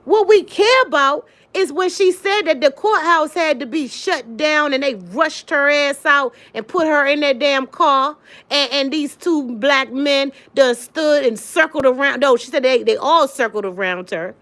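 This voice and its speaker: A woman's voice: high voice, unhurried, fairly bright tone. A woman hosting a casual livestream, talking emphatically to her viewers by name and repeating her points. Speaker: livestream host. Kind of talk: casual livestream chat reading comments.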